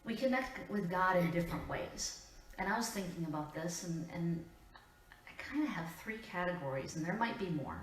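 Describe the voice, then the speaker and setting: A woman's voice: fairly low pitch, expressive, far from the mic, a little hiss or hum. Woman preaching in an echoey church. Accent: Upper Midwest American. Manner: measured, earnest delivery with deliberate pauses. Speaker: pastor. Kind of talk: sermon. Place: church sanctuary. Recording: echoey church room, voice from afar.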